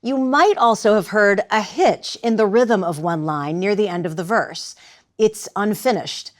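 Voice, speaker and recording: Woman, instructor, mid-pitched voice, patient clear lecture, guides actors. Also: a little slow. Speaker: theater instructor. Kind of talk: lecture with live demonstration.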